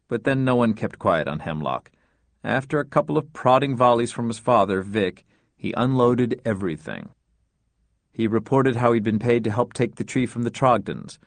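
A man narrating an audiobook in a wry, measured storytelling manner. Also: fairly low pitch, dry recording. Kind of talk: scripted narration.

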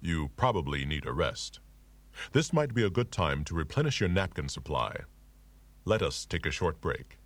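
A man's voice: low voice, sing-song, normal speed, dry recording. A man narrating a scripted language lesson in a formal, mildly humorous way. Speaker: language instructor.

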